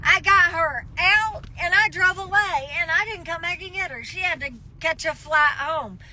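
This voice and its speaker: Very high-voiced woman telling stories in a car. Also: normal speed, bright, forceful tone, slight background noise. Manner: dramatic, tells the story with plenty of laughs. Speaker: social media live streamer. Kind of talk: casual storytelling. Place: inside a car.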